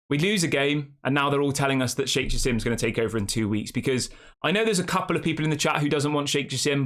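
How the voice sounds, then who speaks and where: A man's voice: medium pitch, a bit bright. A man hosting a fan channel live stream, rambling casually and reacting to the chat with rhetorical questions.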